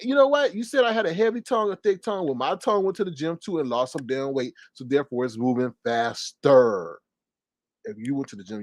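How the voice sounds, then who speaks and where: Male streamer, commentary rant; sassy and quick, mocking impressions; bright high pitch, dry room. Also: no room sound. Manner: animated, sassy, fast-talking with mocking impressions.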